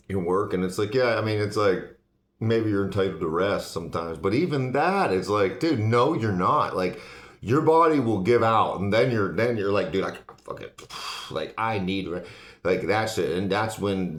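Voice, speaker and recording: A man talking bluntly in a casual monologue, swearing constantly as he rants. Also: on the low side. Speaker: host. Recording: echoey room.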